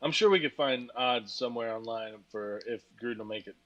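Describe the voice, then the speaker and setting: A man's voice: medium pitch, a little fast, crowd noise. A tired man rambles about football on a casual podcast, leaning on fillers and crude jokes. His sound is slightly dull and lo-fi, as if from a cheaper mic. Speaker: podcast co-host. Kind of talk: casual sports chat.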